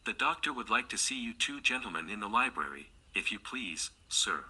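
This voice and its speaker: A man's voice: lowish voice, sing-song, normal speed, pushed and bright, breathy edge, exaggerated voice. A man reading a formal, deferential butler. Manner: formal, polite.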